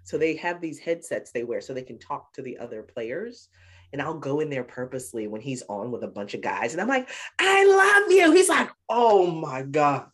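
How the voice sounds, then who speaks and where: A woman's voice: a bass voice, animated, fairly quick, slightly rough. A middle-aged woman, a podcast guest and speaker, telling family stories animatedly and laughing often. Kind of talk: casual interview chat.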